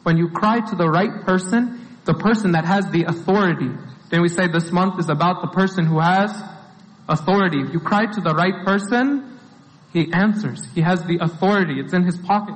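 A man with a high-pitched voice preaches a sermon at normal speed, keeping it conversational and often filling gaps with "like." A long hall reverb trails his words.

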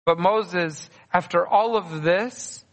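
A man's voice: sits high, slow pace. A man preaching a sermon earnestly, repeating key phrases for emphasis. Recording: long reverb of a large hall.

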